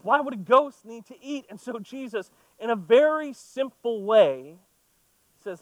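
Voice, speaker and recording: High-voiced, chatty man preaching. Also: animated, a little slow, no echo, rough recording. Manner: conversational, playful asides. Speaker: pastor. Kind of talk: sermon with scripture reading.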